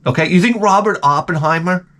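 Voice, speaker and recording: A middle-aged man hosting his own channel, giving a crude, profane comedic rant that swings from mutters to shouts. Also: high-pitched, a little fast. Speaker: channel host.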